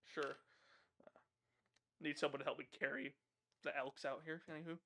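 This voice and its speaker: A man's voice: on the high side, fairly even intonation, moderate pace, vocal fry, pushed and bright. A man playing in a tabletop role-playing game, casually narrating what his character does and swearing freely. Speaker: player.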